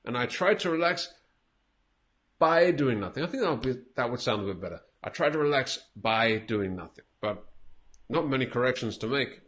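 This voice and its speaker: A man's voice: medium pitch, lively intonation, moderate pace, a bit bright. A man teaching English, patiently correcting a learner's recording with repeated example phrases and small laughs. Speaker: English teacher giving feedback. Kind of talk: casual spoken lesson.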